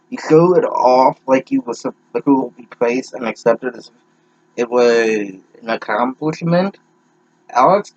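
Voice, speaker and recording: A man's voice: mid-range voice, slightly rough, no echo, muffled recording. A young man reading a fanfic aloud with sarcastic, profane asides, stumbling over words. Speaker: reader mocking a fanfic.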